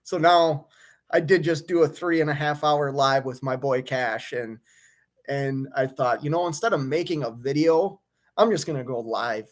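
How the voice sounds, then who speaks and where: A young man who drives his own truck rants on a live stream from a hotel room, his voice set a bit high for a man. He sounds fed up and worked up, tripping over restarts as he vents, then settles into chatting with viewers. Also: normal speed. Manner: frustrated, fired up, venting with many restarts. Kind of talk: live stream rant and chat reading.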